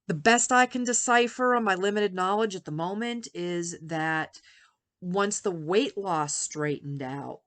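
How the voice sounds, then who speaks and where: A woman in her fifties talking candidly and with feeling in a personal health vlog, rambling at times. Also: deep voice. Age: 50s. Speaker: vlogger.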